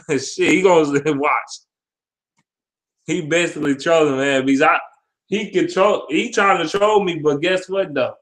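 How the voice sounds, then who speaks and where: A man's voice: fairly high pitch, a little slow. A man giving a football predictions vlog, reading comments and trash-talking with lots of profanity. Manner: profane, animated, laughing trash talk. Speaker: sports vlogger. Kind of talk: casual trash-talk commentary.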